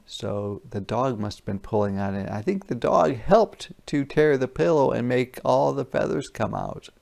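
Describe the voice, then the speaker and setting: A man teacher doing an interactive read-aloud for young children, pausing to ask questions and explain words. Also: on the low side, gravelly, darkish tone.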